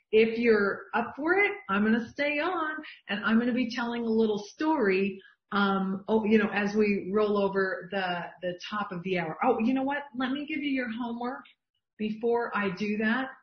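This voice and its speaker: Enthusiastic woman coaching over a video call. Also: on the high side. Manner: enthusiastic, emphatic, reads from shared lists. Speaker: business coach. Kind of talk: online group coaching session. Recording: dull, roomy video-call audio.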